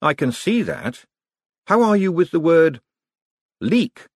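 A man voicing a quick-witted young male trickster with a breezy, curious manner. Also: fairly high pitch, sing-song, no echo, clean studio sound, voice pushed up, heavily acted.

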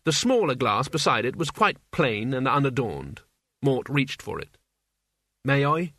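A man's voice: mid-range voice, very animated, moderate pace, bright, forceful tone, dry recording. Man narrating an audiobook, very dry.

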